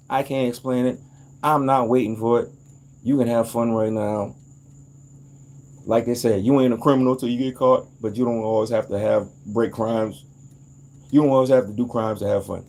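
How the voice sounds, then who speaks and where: A man in a casual, rambling monologue, animated and profane, jumping into sudden high outbursts. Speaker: vlogger.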